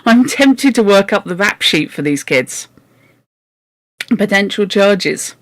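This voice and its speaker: Lady reading a storybook aloud, lively up and down voice, dry close sound, jokey asides. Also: medium pitch, takes it slowly, no echo. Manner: wry, joking asides. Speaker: book club reader.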